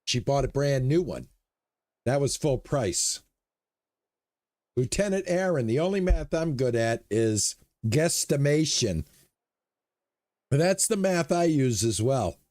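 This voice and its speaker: A man at medium pitch speaks slowly with frequent pauses as he livestreams a shop game, explaining his plays and casually talking with viewers in between. The sound is dry and studio-clean.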